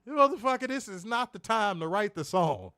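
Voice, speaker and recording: A man co-hosting a casual review podcast, loud and profane, laughing often and swooping high when amused. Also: sing-song, normal speed, no room sound, studio quality. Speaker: podcast co-host.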